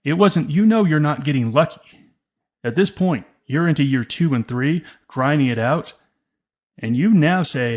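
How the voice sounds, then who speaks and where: A man's voice: fairly high pitch, expressive, normal speed. Emphatic man in casual podcast chat. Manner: emphatic, acts out quoted inner voices. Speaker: podcast co-host.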